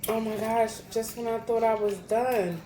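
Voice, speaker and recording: A woman's voice: a little high, steady tone, unhurried. A young woman chatting casually between bites in an eating vlog at home, laughing at herself as she goes. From New Jersey. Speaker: mukbang vlogger. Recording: echoey room, audible noise.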